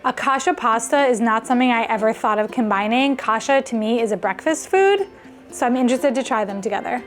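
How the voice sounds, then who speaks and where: Brisk and lively in intonation, a woman with a fairly high voice hosts a casual cooking vlog from her home kitchen, faint music behind her. She chats eagerly and thinks out loud while cooking.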